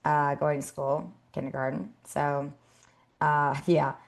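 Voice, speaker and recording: A woman in her thirties co-hosting a podcast in casual chat, animated and acting out scolding her kids. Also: deep voice, takes it slowly, creaky. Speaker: podcast co-host.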